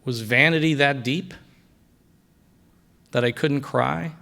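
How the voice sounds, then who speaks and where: A middle-aged man giving a personal faith testimony at a breakfast event, telling his story and dropping quiet for quoted lines. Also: medium pitch, slow pace, creaky. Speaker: guest speaker sharing testimony. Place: banquet hall at a breakfast event.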